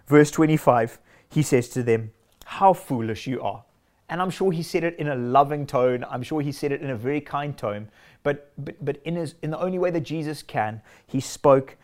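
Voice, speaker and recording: A man's voice: medium pitch, a little mellow. A man preaching a sermon in an earnest, emphatic way, stacking short declarations.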